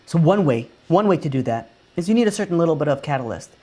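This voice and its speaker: A man's voice: a little high, animated, quick pace, darkish tone. A man preaching a conversational sermon as a rabbi. He leans on rhetorical questions and often repeats and restarts his phrases as he talks things through.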